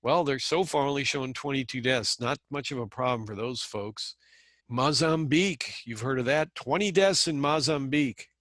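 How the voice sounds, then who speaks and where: A man's voice: medium pitch, moderate pace, fairly bright tone, dry recording. Rambling, sarcastic middle-aged man. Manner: rambling, conversational, sarcastic asides. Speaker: channel host. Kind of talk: casual monologue commentary.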